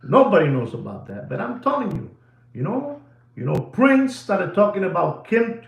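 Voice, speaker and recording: A man's voice: high-pitched, very animated, moderate pace, creaky. A man hosting a watch channel, rambling and lecturing, repeating himself for emphasis. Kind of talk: rambling video monologue. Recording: echoey room.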